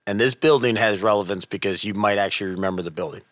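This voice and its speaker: A man's voice: on the low side, quick pace, no echo. Earnest storytelling man, dry close sound. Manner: animated, earnest, drops soft for tense moments. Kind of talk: casual storytelling chat.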